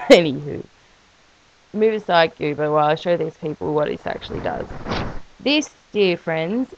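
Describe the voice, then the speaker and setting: This woman's lowish voice comes through on dull-sounding audio. She's a vlogger telling her illness story in a chatty, rambling video diary about her life, full of self-mocking humor and jokey asides.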